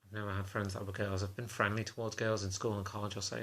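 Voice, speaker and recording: A man talking to camera in a confessional vlog, halting and self-conscious in a subdued, low-key way. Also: level tone, a bit bright. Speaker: vlogger.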